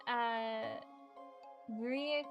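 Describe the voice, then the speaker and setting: Laid-back woman host on a stream, a bit high voice, soft music under it. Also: fairly even intonation, very slow, muffled recording. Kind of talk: casual stream chat.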